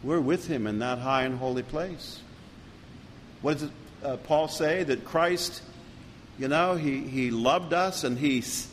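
A pastor delivering an earnest sermon, building to emphatic peaks and then dropping low. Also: male voice, in a large hall, slight background noise. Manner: earnest preaching with rising emphasis.

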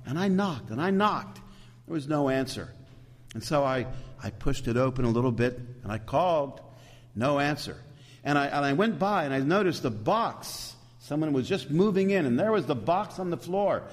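A man's voice: on the high side, expressive, normal speed. A middle-aged man preaching a sermon, telling a personal story with repeated words and building into recited scripture. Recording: long hall reverb.

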